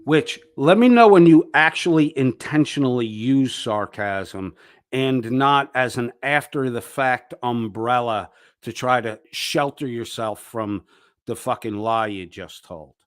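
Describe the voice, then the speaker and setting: A man delivers a foul-mouthed, mocking rant as he reacts to clips. His voice sits at an ordinary middle pitch. The sound is dry and close, with no room around it. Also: measured pace, no echo. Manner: profane, ranting, mocking. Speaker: commentary channel host. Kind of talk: angry reaction commentary.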